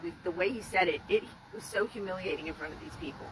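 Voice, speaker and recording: Woman, bright tone, candid first-person storyteller with a faint noise floor, swears freely. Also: lowish voice, very fast, hardly any pauses, poor audio. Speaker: rescuer telling her story.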